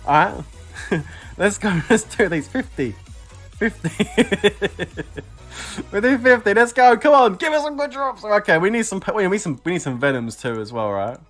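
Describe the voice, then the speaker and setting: A man streaming a game, excitable, whooping and laughing as rewards drop. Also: high-pitched, measured pace, soft background music. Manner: excitable, shouting and laughing at drops. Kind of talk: live game commentary.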